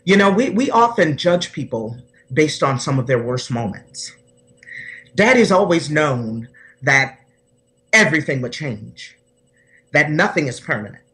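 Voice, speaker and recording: A woman's voice: low voice, sing-song, a little slow, fairly bright tone. A woman personal development coach speaking earnestly and from the heart as a podcast guest, often restarting her sentences.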